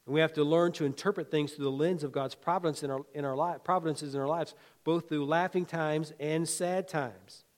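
A man preaching a sermon in a folksy, conversational way, swinging between loud emphatic lines and quiet asides, with chuckles. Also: fairly high pitch, steady tone, brisk, hardly any pauses. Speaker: pastor.

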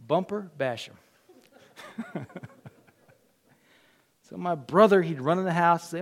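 This middle-aged pastor's sermon weaves in personal stories told with animation, complete with acted-out quotes and moments near a whisper. He speaks in a fairly high voice at a measured pace, pausing often.

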